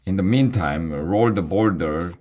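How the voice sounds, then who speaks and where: A man's voice: deep voice, a little slow, a little mellow. A man voicing a prim, bossy female dragon who barks clipped, haughty commands at her prisoners in a storybook reading. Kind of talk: audiobook reading.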